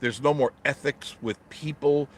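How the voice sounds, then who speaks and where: A man's voice: medium pitch, steady tone, normal speed, a little hiss or hum. A middle-aged man from New York talks off the cuff from the driver's seat of his car. He answers viewers' comments bluntly and with a joking edge. His voice sits in an ordinary middle range. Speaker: travel vlogger reading live chat. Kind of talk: casual live-stream chat from a parked car. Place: inside a car in traffic.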